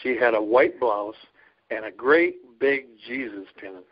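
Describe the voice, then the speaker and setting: A man's voice: mid-range voice, measured pace. A man who serves as a trucker chaplain and ministry leader, telling stories in a casual interview in an earnest, folksy way and laughing often. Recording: dull lo-fi recording.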